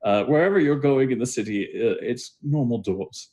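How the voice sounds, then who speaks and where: A fretful, queasy male stone singer from a tabletop game, as a man puts him on, his voice pushed far up into a thin, strained register. He talks in halting, flustered bursts full of stumbles and ums, eager to be left alone. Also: mid-range voice, dark tone, voice pushed up, natural voice. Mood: awkward.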